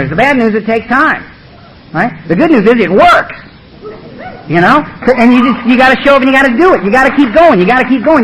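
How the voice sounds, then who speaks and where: A man's voice: high voice, a bit bright, a little hiss or hum, poor audio. A man speaking at a recovery meeting, blunt, emphatic and humorous, with a lot of swearing. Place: meeting room.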